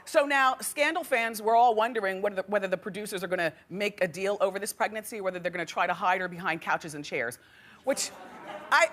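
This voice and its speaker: A middle-aged woman hosting a daytime talk show, chatting and gossiping with frequent laughs, a bit out of breath. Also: medium pitch. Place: television studio with live audience. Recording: loud studio audience and noise.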